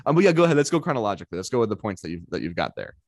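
A man's voice: lowish voice, big pitch swings, very fast, darkish tone, dry recording, studio quality. A man co-hosting a podcast, chatting casually and rambling a little, with lots of fillers and restarts. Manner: chatty, full of fillers and restarts, quotes others in put-on voices. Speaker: podcast co-host. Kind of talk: casual chat.

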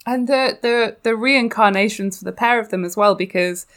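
A woman's voice: fairly high pitch, normal speed, fairly bright tone. A woman co-hosting a casual book-discussion podcast who animatedly retells scenes and laughs between points.

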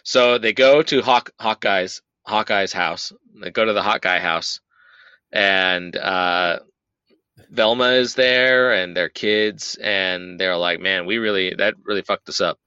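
Young male podcast host, bright and crisp, profane and rambling, dry lo-fi sound. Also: low-pitched, dry recording. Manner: rambling, profane, acts out characters in quick voices. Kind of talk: casual movie recap chat.

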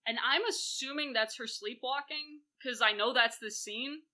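Bright, gushing woman co-host. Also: a little high, moderate pace. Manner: animated and gushing, with sarcastic asides. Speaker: podcast co-host. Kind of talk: casual chat about a play.

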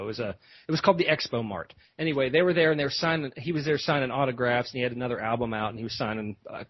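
This man, a podcast host, rambles through a casual story, stumbling over fillers and starting sentences again. He speaks at a medium pitch with some breathiness. There's no echo, though the lo-fi recording is dull.

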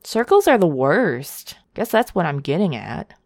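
A woman's voice: lowish voice, very animated, measured pace, a little mellow, no echo, clean studio sound. A young woman hosting a casual monologue, candid and profane, with frequent tangents and laughter.

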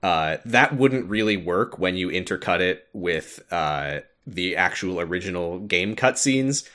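A man with a fairly low voice that jumps around a lot in pitch, talking through a game's story in casual podcast chat. He laughs often and leans on little "uh"s as he explains. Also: measured pace. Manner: animated, laughs often, recaps with filler "uh".

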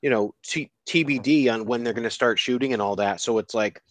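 A man's voice: mid-range voice, fairly quick, no echo. A man co-hosting a podcast, giving frank, earnest opinions about films in casual chat. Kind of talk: casual pop-culture chat.

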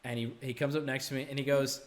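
A man's voice: mid-range voice, fast. A man hosting a stream, telling a story in casual chat and acting out other people's lines. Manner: animated, acts out others' lines in quotes. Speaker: streamer host.

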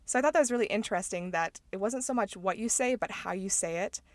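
A woman co-hosting a casual podcast chat, talkative and quick to laugh, often backing up her partner. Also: medium pitch, dry recording. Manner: talkative, laughs often, says mm-hmm a lot. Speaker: podcast co-host.

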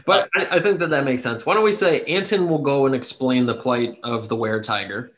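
A man narrating a tabletop game as game master, relaxed and joking. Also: medium pitch, a little fast.

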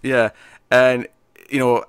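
A man co-hosting a podcast, chatting casually and excitedly as he recaps a TV episode. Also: medium pitch, takes it slowly, smooth, no echo. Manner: excitable, animated retelling of scenes. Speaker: podcast co-host.

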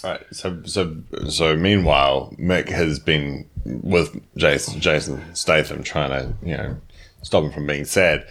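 Very deep-voiced male player. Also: fairly even intonation, a little slow, creaky, a bit bright. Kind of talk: playing a tabletop game.

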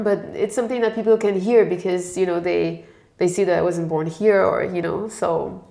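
A woman's voice: mid-range voice, a little fast, gravelly, darkish tone. A woman from France, answering interview questions in a thoughtful, explanatory way. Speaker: guest expert. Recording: echoey room.

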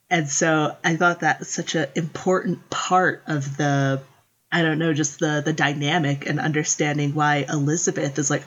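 Woman, husky, animated casual chat, acts out quotes, muffled lo-fi recording. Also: low voice, normal speed. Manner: animated, acts out quotes in character voices, laughs often. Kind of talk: casual chat about book adaptations.

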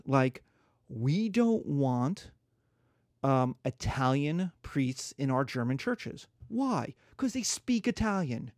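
A man giving a casual history lecture, animated and jokey, acting out quotes as he goes. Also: fairly high pitch, slow pace, no room sound, clean studio sound. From United States.

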